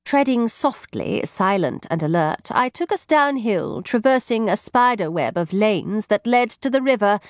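A woman narrating a first-person audiobook in an expressive, lively storytelling manner. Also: mid-range voice, measured pace, few pauses, no echo, studio quality.

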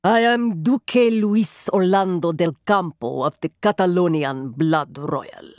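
A woman's voice: on the low side, measured pace, no room sound, natural voice. An overwrought young Spanish nobleman in a storybook reading, as a woman performs him, haughty and operatic with a Spanish accent. His grand declarations come across dry and close. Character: melodramatic foreign young aristocratic man.

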